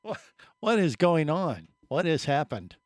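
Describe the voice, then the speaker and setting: A man's voice: on the high side, sing-song, a little slow, no echo. A man hosting a radio show in a studio, joking with his co-hosts in casual banter. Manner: teasing, chuckling, trails off mid-sentence.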